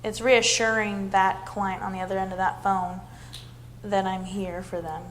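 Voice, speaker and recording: A woman's voice: mid-range voice, level tone, moderate pace, slight background noise. Earnest woman talking about customer service. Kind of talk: casual interview chat.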